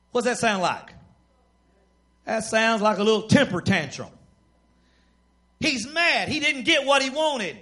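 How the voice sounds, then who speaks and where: A preacher with a very high voice, folksy and emphatic, who tells scripture stories plainly and then drives points home with shouts. His tone is bright and forceful, and his delivery is full of conviction. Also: expressive, measured pace, pauses often. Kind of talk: sermon.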